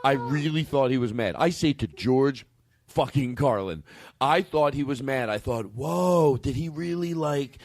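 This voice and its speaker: A man hosting a podcast, chatting in an animated, excitable way, repeating himself and laughing often. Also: mid-range voice, a little slow, no room sound. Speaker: podcast host. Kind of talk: casual podcast chat.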